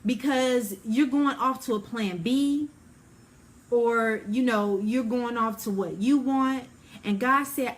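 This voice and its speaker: Speaking slowly in a higher-pitched voice, a woman who teaches the Bible delivers a casual lesson, peppered with "you know" and "like." She brings everyday scenes to life by voicing the dialogue.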